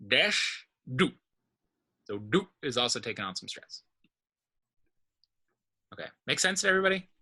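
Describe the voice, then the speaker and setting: A man's voice: mid-range voice, big pitch swings, brisk, pauses often, bright, forceful tone, slightly rough. A man teaching a language class, explaining step by step and often checking in with his students. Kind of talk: informal online class lesson.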